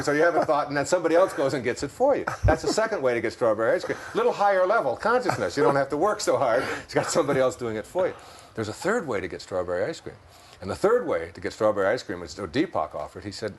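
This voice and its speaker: A man with a Detroit accent talks through spiritual ideas in a relaxed interview. His voice is mid-pitched, and he tells little stories, chuckles often and slows down when he lands a point. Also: slight background noise. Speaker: interview guest. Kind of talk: reflective spiritual conversation.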